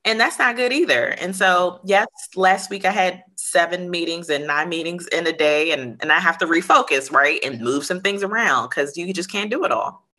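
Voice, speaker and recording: Female executive guest, deep but bright tone, hesitant and reflective delivery. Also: moderate pace. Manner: thoughtful, many restarts and fillers. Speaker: tech company CEO, guest. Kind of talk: interview answers.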